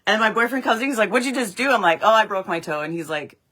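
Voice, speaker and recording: A woman's voice: medium pitch, lively intonation, fast talker, bright, forceful tone. A young woman telling stories on a casual livestream, chatty and laughing often. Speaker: livestream host.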